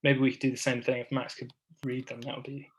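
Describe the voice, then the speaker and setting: A man's voice: medium pitch, completely flat delivery, quick pace, low-quality recording. Chatty man leading an online workshop. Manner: chatty, self-deprecating, many restarts. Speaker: workshop speaker. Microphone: video call.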